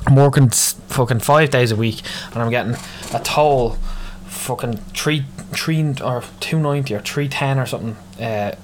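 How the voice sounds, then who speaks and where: A man's voice: mid-range voice, moderate pace, few pauses, a little hiss or hum. Sweary Dublin man ranting. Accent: Irish, Dublin. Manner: moaning, sweary, rambling. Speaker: podcast host. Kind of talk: solo ranting podcast.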